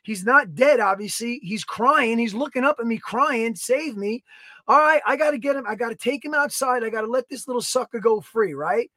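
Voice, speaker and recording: A man co-hosting a podcast, telling a story in a casual, animated way, swearing and acting out his own quotes. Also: extremely high pitch, a little fast, few pauses, dry recording. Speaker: podcast co-host. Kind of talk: casual chat.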